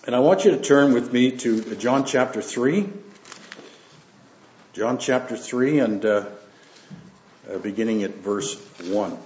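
A man preaches to his church in an unhurried way, reading scripture aloud and breaking off for asides and fillers between verses. His voice sits in a middle pitch. It comes through a roomy, somewhat dull lo-fi recording of the church. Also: a little mellow. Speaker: pastor.

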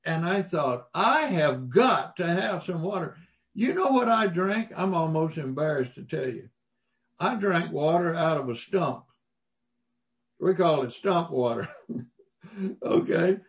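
A man's voice: on the high side, lively intonation, unhurried, pauses often, muffled recording. A man preaching a sermon, telling folksy stories with emphatic rises. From Mississippi, US. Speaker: pastor.

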